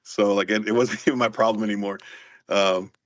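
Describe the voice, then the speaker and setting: A man in his forties, a Marine veteran guest, telling war stories in a profane, animated, casual way. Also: lowish voice, a little fast, dry recording. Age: 40s. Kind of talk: casual chat.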